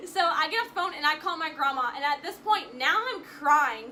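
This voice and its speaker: A woman's voice: sits high, quick pace, hardly any pauses, sharp tone, slight background noise, rough recording. A young woman vlogger telling a personal story to camera in an emotional, rambling way, with frequent restarts.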